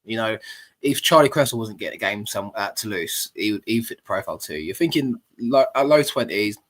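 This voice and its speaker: A man's voice: lowish voice, lively intonation, a little fast. A man hosting a football fan podcast, chatty and rambling, passing questions to his co-hosts. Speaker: podcast host. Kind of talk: casual fan podcast chat.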